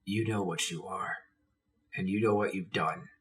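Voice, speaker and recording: A man voicing a stern, low-voiced vampire. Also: fairly even intonation, moderate pace, a bit bright. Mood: soft, firm. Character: large stern male vampire, calm and protective. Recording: distant mic with faint hiss.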